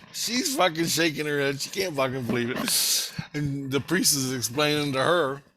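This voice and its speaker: A man telling a rambling, profane story in a casual monologue, laughing and animated as he retells it. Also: mid-range voice, moderate pace, hardly any pauses, very noisy.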